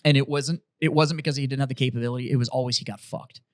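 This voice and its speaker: Male podcast host, profane animated storyteller, mid-pitched voice, dry close sound. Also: rapid-fire, no echo. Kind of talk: casual chat, storytelling.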